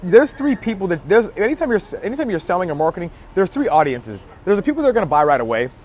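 A man's voice: sits high, big pitch swings, fast talker, a little mellow, breathy edge. A man talking to his viewers in a casual vlog about marketing, emphatic, with key phrases repeated and frequent restarts. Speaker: marketing vlogger. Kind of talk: casual marketing advice talk to camera.

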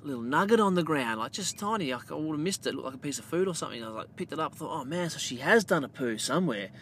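This man, an Australian podcast host, speaks quickly in a slightly high voice while telling a wandering, profane story and addressing listeners as mate. At the punchline he grows loud and animated; slight background noise can be heard.

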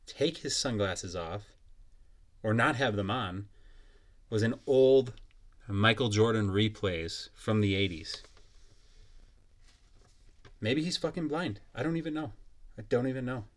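Profane young man ranting on a podcast. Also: lowish voice. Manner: profane, blunt, mocking. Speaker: podcast host. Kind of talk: casual solo podcast rant.

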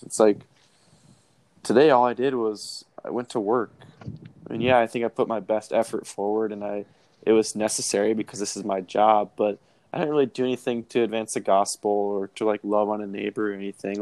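A man's voice: on the low side, darkish tone, no room sound. A young man in casual faith conversation, speaking hesitantly and reflectively, often repeating words as he thinks.

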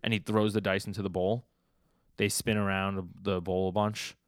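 A man co-hosting a podcast, casually recapping a comic chapter with fillers and lively retellings. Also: deep voice, moderate pace, clean tone, no echo. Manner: animated storytelling with fillers and acted quotes. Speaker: podcast co-host.

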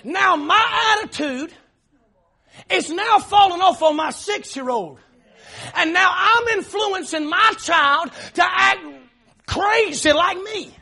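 A male pastor telling a story in an emphatic sermon, often shouting and laughing as he preaches. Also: very high-pitched, animated, takes it slowly, gravelly.

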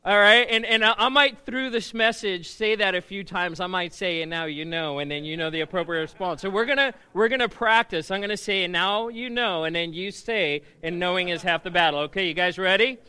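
A middle-aged male pastor preaching with a high, bright, ringing voice. He keeps his sermon conversational, asking the congregation questions and getting them to call answers back to him. His delivery is lively and engaging. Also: fairly quick, hardly any pauses, clear, resonant tone.

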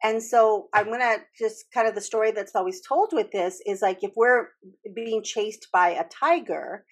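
A woman's voice: mid-range voice, moderate pace. A woman hosting a casual talk, explaining earnestly with frequent restarts and the odd swear word. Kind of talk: casual podcast chat about trauma healing.

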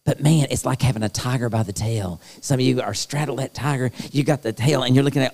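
A man preaching to a youth conference, animated and acting out the voices he quotes. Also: a little high, a little fast, few pauses. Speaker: youth pastor. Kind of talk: sermon. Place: large hall at a youth conference. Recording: long hall reverb.

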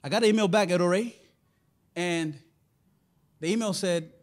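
A man's voice: high-pitched, normal speed. A man preaching a sermon in a conversational way, often putting rhetorical questions to his listeners.

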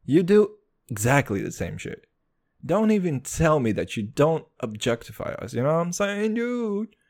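A young man rambles through a casual solo podcast in crude, swaggering slang. His voice swings widely, dropping into low mutters and jumping into high, excited bursts. He keeps calling the listener "dude.". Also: moderate pace. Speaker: podcast host.

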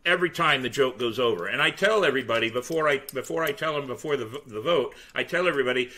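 A man's voice: medium pitch, fast. A man on a pirate-themed podcast, telling stories in casual chat and acting out the quotes. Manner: animated storyteller, acts out quotes. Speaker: pirate museum tour guide and entertainer.

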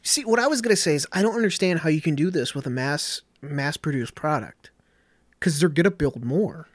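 A man's voice: a little high, lively intonation, a little fast, dry recording. A man co-hosting a podcast, chatting casually, blunt and making crude jokes. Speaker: podcast co-host.

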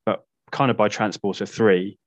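A man appearing as a guest on a film podcast, talking in a measured, conversational way. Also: fairly low pitch, steady tone, no room sound, muffled recording. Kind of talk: casual film discussion.

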